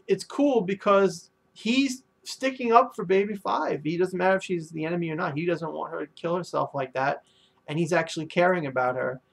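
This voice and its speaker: A man's voice: on the high side, vocal fry. A man reviewing a manga chapter in a casual, rambling way, full of ums and likes.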